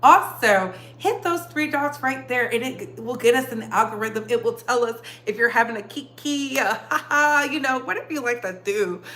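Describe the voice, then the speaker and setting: A woman hosts a relaxed live-stream gossip chat, her voice high and sharp-edged. She talks chattily, laughs often and greets viewers by name. The sound carries the echo of a bare room. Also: moderate pace, hardly any pauses. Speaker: livestream host. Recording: echoey room.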